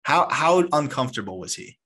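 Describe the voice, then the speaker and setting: Podcast host guy, mid-pitch voice, laughs a lot and throws out trivia questions. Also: big pitch swings, a little fast, pushed and bright. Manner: laughs easily, asks quiz questions. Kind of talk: casual podcast chat.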